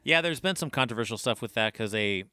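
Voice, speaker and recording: Man, podcast co-host, emphatic, lively up-and-down pitch. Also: fast, clear, resonant tone, dry recording, studio quality. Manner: animated, emphatic. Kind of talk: casual chat.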